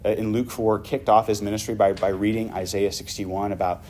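A male pastor preaching a sermon, vividly retelling a story and dropping to hushed tones. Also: fairly low pitch, level tone, brisk, few pauses, a little hiss or hum.

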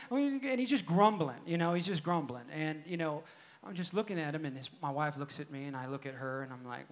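A man in his thirties or forties preaching to his congregation in a voice that sits high for a man. He tells family stories, throws questions out to the room, and moves between quiet asides and loud, punchy declarations. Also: fast. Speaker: pastor. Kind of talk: preaching a sermon. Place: church sanctuary before a congregation.

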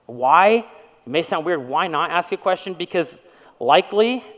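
Man, pastor, casual preaching, rhetorical questions, slightly high voice, long church reverb. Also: animated, normal speed, a bit bright. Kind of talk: sermon.

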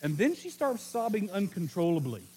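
A middle-aged man from Oklahoma preaching a sermon in a relaxed, conversational storytelling way, joking and correcting himself as he goes. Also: sits high, normal speed, breathy edge. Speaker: pastor.

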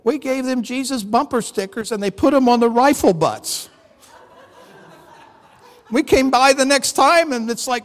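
A strikingly high-pitched male preacher tells stories from the pulpit, acting out each exchange with lively voices. His words ring out with a long, echoing reverb from the hall. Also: slow pace, long pauses. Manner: animated, acts out dialogue in stories. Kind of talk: storytelling sermon.

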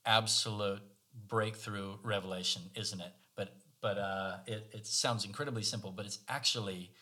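A man's voice: lowish voice, fairly even intonation, normal speed, pushed and bright. A man co-hosting a conversation, telling a story about himself in a casual, self-deprecating, wry way. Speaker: podcast co-host.

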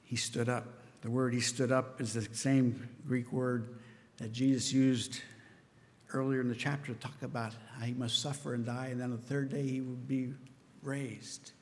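A man's voice: medium pitch, level tone, normal speed, a little mellow, in a large hall. A man preaching a sermon in an earnest, conversational way, often asking "right?" of his listeners. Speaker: pastor.

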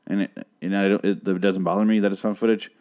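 A man's voice: low-pitched, flat delivery, fast talker, a little mellow. A man casually recapping a TV show on his podcast, profane and rambling, with a dry voice. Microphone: podcast microphone.

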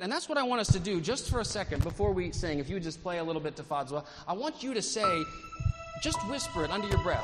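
A man preaching with a fairly high voice that rings out through a church sanctuary with long reverb. Loud music plays behind him as he urges the congregation on earnestly, leaning into his words. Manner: earnest, building intensity toward the close. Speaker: pastor. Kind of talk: sermon. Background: music playing.

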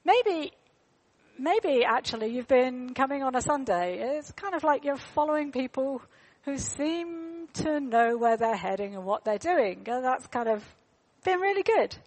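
A woman's voice: high-pitched, animated, measured pace, a little mellow. A woman, telling a story in a sermon in a chatty way, with fillers and repeated words. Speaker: preacher.

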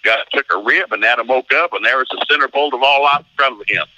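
Middle-aged male pastor, folksy storyteller; very bright, dry close sound. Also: mid-range voice, fast, no echo, rough recording. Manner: folksy, acts out voices in stories, laughs often. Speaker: pastor and marriage seminar teacher. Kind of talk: animated interview storytelling.

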